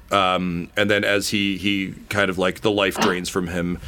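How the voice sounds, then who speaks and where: Male game master narrating a tabletop game; low voice, hesitant delivery full of fillers, swears casually. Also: level tone, measured pace, hardly any pauses, bright, forceful tone.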